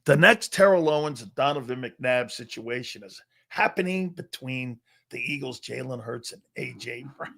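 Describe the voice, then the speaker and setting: A middle-aged man hosting a live sports talk show, ranting loudly and profanely about football. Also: mid-range voice, normal speed, gravelly. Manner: loud, profane and animated, mocking others in put-on voices. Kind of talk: unscripted sports rant.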